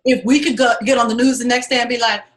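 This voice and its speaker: A woman's voice: on the high side, fairly even intonation, fast talker. A woman teaching an acting class, telling stories emphatically, cursing freely and laughing often. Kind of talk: animated storytelling lecture.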